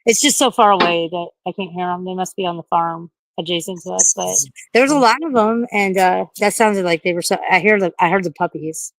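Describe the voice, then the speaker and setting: A woman's voice: fairly low pitch, brisk, few pauses, no room sound. A woman chatting on a livestream, swearing a lot and sounding scared and out of breath outdoors at night. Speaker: streamer. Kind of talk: casual livestream chat.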